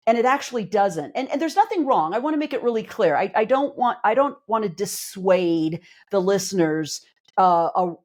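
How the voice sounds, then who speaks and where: A woman clinical psychologist and life coach, explaining ideas earnestly in a casual podcast conversation, with emphatic, everyday examples. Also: medium pitch.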